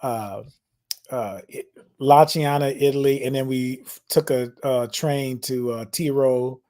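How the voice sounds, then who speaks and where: A man co-hosting a casual podcast, telling a story in a lively, laid-back way with plenty of slang. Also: mid-range voice, a little slow. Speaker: podcast co-host, musician.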